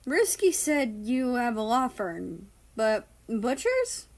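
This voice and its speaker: A woman's voice: a little high, sing-song, slow pace, exaggerated voice. A woman voicing a drunk young man who talks in a playful, teasing way.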